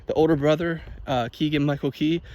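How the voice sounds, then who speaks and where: A man vlogging outdoors on a walk, telling a story in an animated, chatty way and laughing often. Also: on the high side, fairly quick, highs cut off. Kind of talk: casual chat while walking. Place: outdoors by a field.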